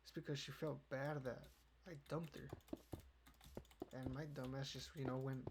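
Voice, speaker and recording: A man's voice: medium pitch, little pitch movement, normal speed. A young man hosting a casual podcast, rambling and swearing, with "you know" in nearly every line. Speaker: podcast host. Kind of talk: casual chat. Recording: keyboard clicks and noise behind.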